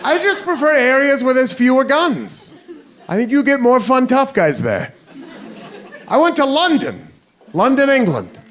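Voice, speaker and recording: Male comedian, high and lively, telling self-mocking stories on stage; loud laughing crowd. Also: unhurried. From United States. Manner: animated, self-mocking, acting out the scene. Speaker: stand-up comedian. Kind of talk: stand-up comedy storytelling. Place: theater stage before a live audience. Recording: live show with audience laughter and noise.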